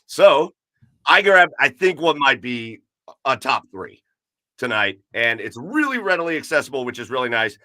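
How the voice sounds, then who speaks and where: A man's voice: mid-range voice, big pitch swings, normal speed, sharp tone, dry recording, studio quality. A man hosting a casual podcast, talking loosely with many fillers and easy laughs. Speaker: podcast host. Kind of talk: casual chat.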